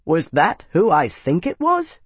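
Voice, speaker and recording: Man voicing bluff cheerful soldier itching for a fight, raised bright tone, husky, dry sound. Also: fairly high pitch, huge pitch swings, unhurried, no room sound, heavily acted. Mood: awed.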